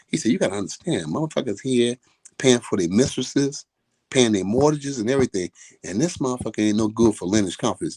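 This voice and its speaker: A man's voice: fairly low pitch, quick pace, a little mellow. An older man, a boxing trainer, telling a profane story and acting out the quoted voices. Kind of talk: casual storytelling.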